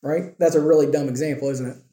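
A man's voice: on the high side, fairly even intonation, a little fast, warm tone. A pastor preaching a sermon in a conversational way, often asking his listeners rhetorical questions. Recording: roomy echo.

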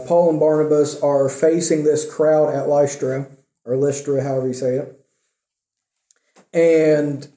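A man's voice: on the high side, warm tone. A man teaching a Bible study in a plainspoken way, often checking in with "okay?" and reading scripture aloud. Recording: roomy echo.

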